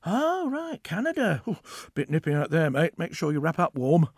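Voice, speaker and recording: A flustered everyday man, as a storyteller plays him, stammering and hesitant, his voice climbing high and swinging widely in pitch. The sound is close and dry. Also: wildly swooping pitch, moderate pace, no room sound, full character voice. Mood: bemused. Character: flustered everyday British man, easily bewildered.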